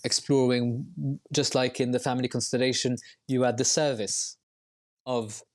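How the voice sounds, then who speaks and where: A man's voice: medium pitch, flat delivery, normal speed, darkish tone. A man as a podcast guest, explaining at length in a reflective, winding way with frequent restarts. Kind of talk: podcast interview.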